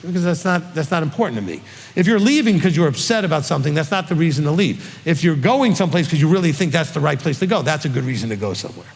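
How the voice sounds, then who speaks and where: Rabbi checking in with "okay?" often. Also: male voice, a little high, lively intonation, fast talker, vocal fry, slightly rough. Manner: repeats "okay?" to check agreement. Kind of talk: congregational Q&A teaching. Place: congregation hall. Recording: long hall reverb.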